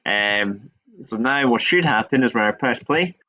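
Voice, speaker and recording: A male teacher walking through a coding tutorial step by step, chatty and relaxed, shrugging off his own small mistakes. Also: medium pitch, unhurried. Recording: dull lo-fi screen recording.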